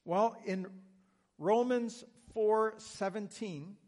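Canadian-accented male pastor, high voice, conversational sermon with dry self-deprecating humor. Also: very slow, darkish tone, big-room sound.

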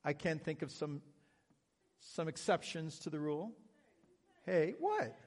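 A man's voice: on the high side, very animated, a little slow, darkish tone, in a large hall. A Canadian man with a Canadian accent, preaching a sermon in an earnest, conversational way with self-deprecating humor. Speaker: pastor.

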